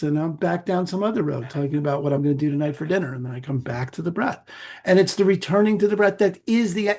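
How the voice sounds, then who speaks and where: Middle-aged guy with a gravelly raspy voice, chatting easy as a guest, kinda animated. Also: on the high side. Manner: gravelly, husky, animated with playful asides. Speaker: meditation teacher, podcast guest. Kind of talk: conversational explaining.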